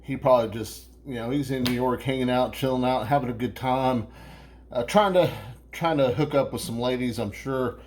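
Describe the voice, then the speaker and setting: A mid-pitched man hosts a casual beer review, rambling from thought to thought. He swears freely and keeps restarting his sentences. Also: moderate pace, darkish tone.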